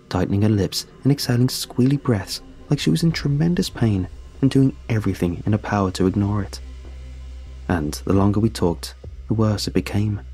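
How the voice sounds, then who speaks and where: A man narrating a first-person horror story in a steady, measured way. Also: fairly low pitch, slightly rough.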